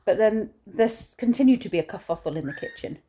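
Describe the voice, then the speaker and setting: A woman's voice: medium pitch, expressive, quick pace, warm tone, breathy edge. A woman vlogging casually outdoors in a garden, chatting and rambling through her chores and stories. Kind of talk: casual vlog chat.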